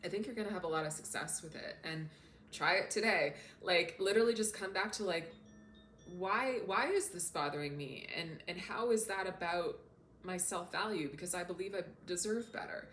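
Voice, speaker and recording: A self-development coach, a woman with a fairly low voice, speaks casually to her camera at a moderate pace. Her tone is a bit bright, and she comes across as earnest and openly emotional. The room echoes, and a faint hum runs underneath.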